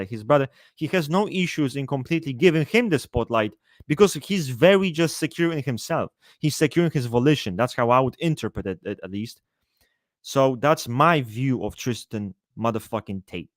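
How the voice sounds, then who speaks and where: A man chatting casually on a live stream, answering his chat in a profane, rambling, animated way. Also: mid-range voice, no echo, clean studio sound.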